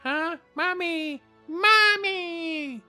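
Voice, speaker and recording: A man voicing a bratty, loud little girl in a high, squealing voice. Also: drawn-out words, soft background music, full character voice. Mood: calling out. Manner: squealing, teasing.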